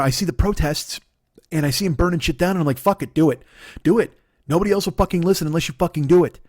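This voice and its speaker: Man in his forties, high-pitched, swearing podcast rant, agitated, dry close sound. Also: no echo. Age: 40s. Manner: agitated, swearing, swings between muttering and shouting. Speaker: podcast host. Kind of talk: profane ranting monologue.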